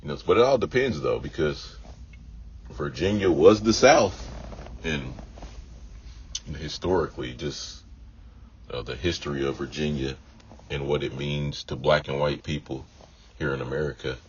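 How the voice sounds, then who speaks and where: Very deep-voiced man rambling casually. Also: normal speed, pauses often. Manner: meandering, repeats himself, many "you know" fillers. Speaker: vlogger. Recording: dull lo-fi audio with faint noise.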